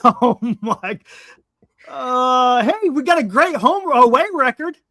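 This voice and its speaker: A man's voice: extremely high pitch, lively intonation, takes it slowly, bright, forceful tone. A man co-hosting a live sports talk stream, groaning and exasperated over his team's record.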